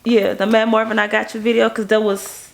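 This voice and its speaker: A woman from Baton Rouge speaks with a gravelly, fry-tinged edge in her voice. She tells stories in a casual interview as a music video director, with animated energy. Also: a little fast. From Baton Rouge, Louisiana. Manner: animated, acts out quoted people in a higher voice.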